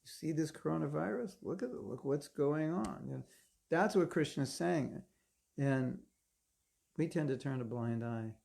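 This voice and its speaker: A man's voice: on the high side, lively intonation, normal speed, creaky, a little mellow. A man giving a devotional class lecture as a spiritual teacher, conversational and wry, often putting questions to his listeners. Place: Alachua, Florida.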